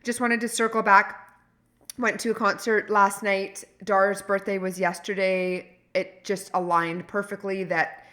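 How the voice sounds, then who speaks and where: A woman co-hosting a podcast, chatting casually and telling animated, rambling stories full of restarts. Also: mid-range voice, unhurried. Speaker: podcast co-host. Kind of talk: casual chat.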